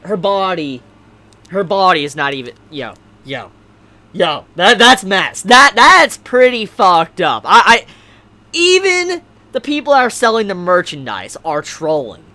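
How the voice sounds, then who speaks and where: A man vlogging casually as he unboxes gifts, excitable, stammering and repeating himself, at times shouting. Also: high voice, measured pace. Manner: excitable, swings to shouting and squealing. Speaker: anime vlogger.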